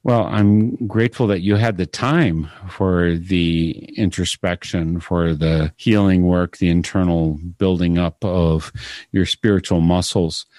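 Low-voiced teasing male interview host. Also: fairly even intonation, a little slow, a little mellow, no echo, clean studio sound. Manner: playful, teasing questions. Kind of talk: conversational interview.

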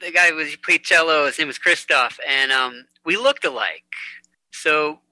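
A man's voice: on the high side, normal speed, bright, forceful tone, dry recording, low-quality recording. A man who is a musician guest in an interview, chatting and telling stories, laughing easily and repeating words. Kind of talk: conversational interview.

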